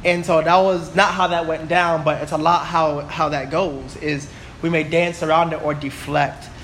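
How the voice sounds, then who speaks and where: A man's voice: a little high, little pitch movement, normal speed, fairly bright tone, slight background noise. A man in his twenties teaching a Bible class, chatty and full of stories, often asking "right?" and "you know?". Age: 20s.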